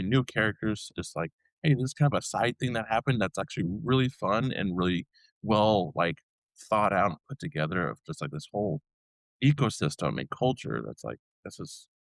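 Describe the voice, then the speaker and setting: A man's voice: low voice, dry recording. A young man chatting as a podcast guest, rambling with lots of filler words. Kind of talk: casual chat.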